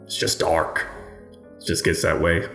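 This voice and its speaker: A man narrating history in a casual way, breaking off into profane, sardonic asides full of dark humor. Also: very deep voice, steady tone, unhurried, creaky. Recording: roomy echo with faint music.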